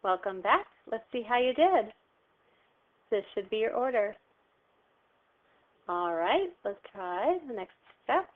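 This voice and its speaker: A woman's voice: fairly high pitch, sing-song, slow, pauses often. A woman teacher walking students through a recorded math lesson, patient and step by step, asking questions and answering them herself. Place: home, phone heard behind. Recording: tinny phone-like sound.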